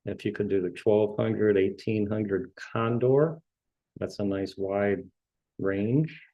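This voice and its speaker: A man's voice: lowish voice, no room sound, muffled recording. A man hosting a trading show, going through stock charts in casual market commentary and often restarting his words as he scans. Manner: halting, repeats words while scanning charts.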